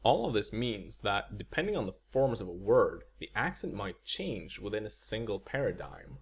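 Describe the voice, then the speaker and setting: A man explains a language point in a video lecture at a slow, deliberate pace. His voice sits low and has a gravelly, husky grain. He speaks in measured lines and pauses on example words. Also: very animated. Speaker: language teacher.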